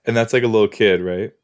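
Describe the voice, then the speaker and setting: A man hosting a podcast, chatting playfully as he reacts to a show he is watching. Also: on the low side. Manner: chatty, playful, talks to the screen. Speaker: podcast host. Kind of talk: casual watch-along reaction.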